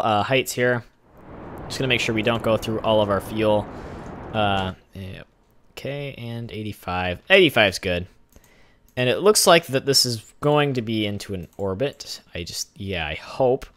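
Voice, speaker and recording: A man's voice: on the low side, fairly bright tone, a little hiss or hum. A young man hosting a gaming channel, rambling through chatty let's play commentary and filling the silence with asides. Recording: game music playing underneath.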